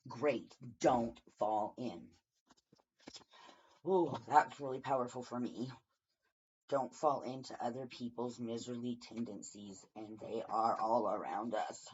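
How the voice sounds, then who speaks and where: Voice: mid-range voice, slightly rough. A tarot reader giving a casual daily reading from home, rambling and thinking aloud with many fillers. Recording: dull lo-fi recording.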